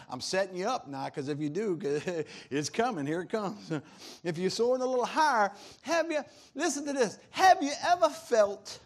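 High-voiced man preaching animatedly. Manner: animated preaching, laughs often, swings loud and soft. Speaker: pastor. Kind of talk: sermon.

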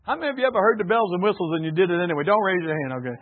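A man preaching a folksy, animated sermon to a congregation, calling out for responses. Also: high-pitched, rapid-fire. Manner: folksy, animated, calls for audience responses, laughs often. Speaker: pastor. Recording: phone-like narrow band.

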